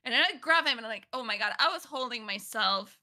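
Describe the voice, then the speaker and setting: A woman co-hosting a casual podcast, telling stories expressively with loud outbursts. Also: on the high side, expressive, fast talker. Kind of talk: casual chat.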